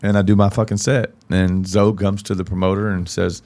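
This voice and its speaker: Deep, gravelly Southern man telling stories. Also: moderate pace. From from Arkansas. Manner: profane, animated storyteller acting out quotes. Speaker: guest country singer. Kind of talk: casual storytelling on a podcast.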